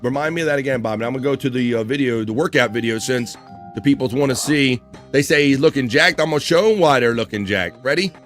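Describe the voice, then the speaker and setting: A man hosting a casual live stream, loud and joking, laughing often with crude banter. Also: medium pitch, fast, soft background music. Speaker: host.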